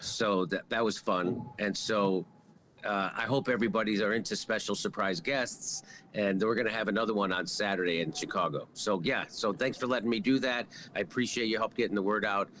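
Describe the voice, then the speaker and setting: A man's voice: fairly low pitch, a little fast, fairly bright tone, a little hiss or hum. A man appearing as a comedian guest over a video call, rambling with many fillers. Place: room at home.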